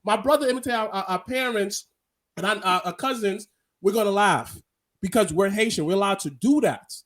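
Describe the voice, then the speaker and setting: A man with a notably high voice chats on a wrestling podcast. He talks in an animated, opinionated way and keeps circling back to repeat his points. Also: brisk. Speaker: podcast co-host. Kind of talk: casual wrestling podcast chat.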